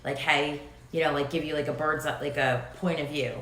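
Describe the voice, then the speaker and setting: A woman joins a casual livestream, cutting in to finish and add to the host's points. Her voice is unusually deep for a woman. The room echoes, and there is a light hiss behind her. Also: steady tone, normal speed, fairly bright tone. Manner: chatty, jumps in to finish and add to his points. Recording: echoey room with faint background noise.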